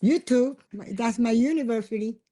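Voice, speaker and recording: Older Mexican woman, mellow voice. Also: a little high, moderate pace. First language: Spanish. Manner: chatty storyteller, laughs often, simple broken English. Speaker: guest. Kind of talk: casual podcast interview.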